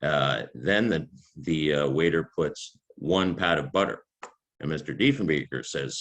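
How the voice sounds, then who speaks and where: A man in his fifties tells stories at a talk, with a very low, deep voice. He keeps it chatty and amused, full of little fillers and restarts. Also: measured pace, fairly bright tone. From Canada. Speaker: author and historian giving a talk. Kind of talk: anecdotal storytelling talk.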